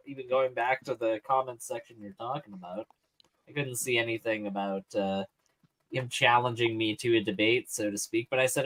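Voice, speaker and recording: A man's voice: mid-range voice, fairly even intonation, normal speed, a bit bright, rough recording. A man from Canada, chatting on a live stream and telling a rambling story full of restarts. His voice sits in the middle of a man's range. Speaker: regular guest on a live stream. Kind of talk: casual chat.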